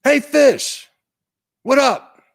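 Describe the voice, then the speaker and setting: A man's voice: very high-pitched, expressive, very slow, creaky, pitched above the performer's own voice, exaggerated voice. A man voicing a cocky, casual male fox in a told fable, with slangy, breezy greetings.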